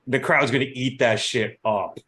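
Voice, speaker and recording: A man co-hosting a casual podcast, animated and quick to laugh, swearing casually. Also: mid-range voice. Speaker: podcast co-host. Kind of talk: casual chat.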